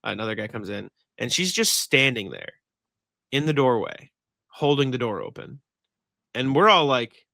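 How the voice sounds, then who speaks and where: Young male podcast co-host, bright crisp voice, lively storyteller. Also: a little high, a little fast, no echo, clean studio sound. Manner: animated storytelling, swearing, laughing. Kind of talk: casual podcast chat.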